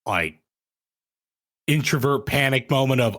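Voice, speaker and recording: A man's voice: fairly low pitch, expressive, normal speed, sharp tone. A man co-hosting a podcast, chatting casually with dry humor. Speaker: podcast co-host. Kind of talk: casual chat.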